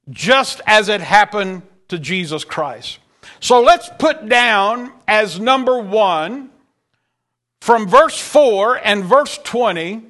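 A man preaching a sermon, reading scripture aloud in King James wording and pressing his points with drawn-out emphasis. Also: very high voice, sharp tone.

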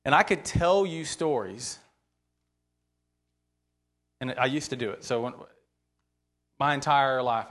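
A man's voice: medium pitch, a bit bright. A man teaching from the Bible to a church group in an informal, conversational way, often checking in with "right?" and speaking earnestly and openly about his feelings.

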